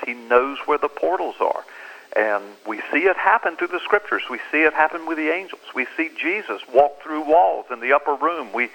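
A man's voice: medium pitch, bright, forceful tone, rough recording. A man speaking as an author and pastor guest in an interview, explaining scripture in an earnest, emphatic, preacherly way. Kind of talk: animated interview talk.

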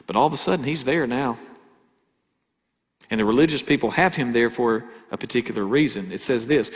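A male pastor preaching a sermon, asking rhetorical questions and swinging between loud emphasis and quiet asides. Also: medium pitch, brisk. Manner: conversational preaching with rhetorical questions and dramatic shifts in volume. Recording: hall reverb.

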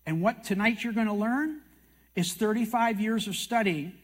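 A man's voice: high-pitched, moderate pace. An older man from Canada giving a folksy storytelling sermon about his life, with self-mocking asides and acted quotes. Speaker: TV prophecy teacher speaking at a meeting.

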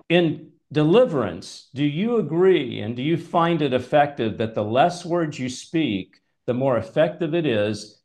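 A man's voice: fairly high pitch, a little mellow. A man hosting a conversational Bible teaching, emphatic and at times exasperated as he reads scripture aloud. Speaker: host and preacher.

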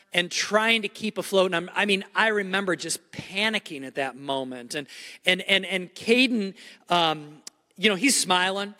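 Middle-aged male pastor, emphatic storyteller; bright, forward tone in a reverberant hall. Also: high voice. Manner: animated, repetitive restarts, emphatic. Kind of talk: sermon storytelling.

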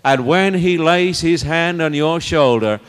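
A man's voice: a little high, a little slow, clear, resonant tone. A man preaching an evangelistic sermon, earnest and pleading, repeating phrases for emphasis. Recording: long reverb of a hall.

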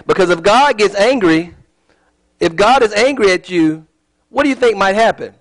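A man's voice: sits high, animated, normal speed, poor audio. A man giving a casual sermon as a Bible teacher, chatty and digressive, with joking asides.

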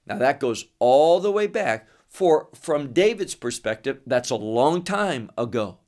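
Slow, measured male Bible teacher. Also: medium pitch, very animated, darkish tone. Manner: measured, explanatory, pausing between phrases.

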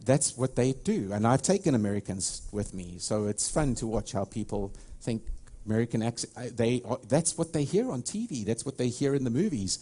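A middle-aged pastor with a South African accent delivers a sermon in a warm, mellow voice. He tells stories in a rambling way, with many restarts. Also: medium pitch, expressive, brisk, few pauses, breathy edge.

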